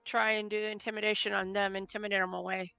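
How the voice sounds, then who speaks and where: Woman player, gravelly and bright, kinda lo-fi mic. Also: medium pitch, flat delivery, fast talker, no room sound, faint music behind. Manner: describing her character's moves. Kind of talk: casual tabletop play.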